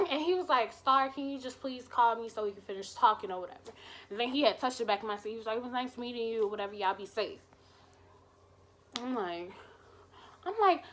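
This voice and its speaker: A woman vlogger telling a personal story in a casual, animated way, acting out the dialogue and swearing freely. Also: fairly high pitch, a little fast.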